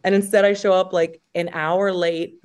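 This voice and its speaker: A woman in her thirties, an actress being interviewed, telling stories in an animated way and laughing through her words. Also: lowish voice, moderate pace, clear, resonant tone. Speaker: actress and guest. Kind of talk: casual interview chat.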